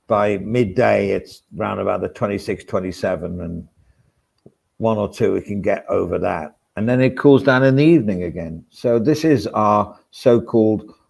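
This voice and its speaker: A man's voice: on the low side, normal speed, gravelly, darkish tone, breathy edge. A man hosting a casual vlog, rambling along with wry asides. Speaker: vlog host. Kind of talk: casual chat to camera. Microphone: swaps between mics.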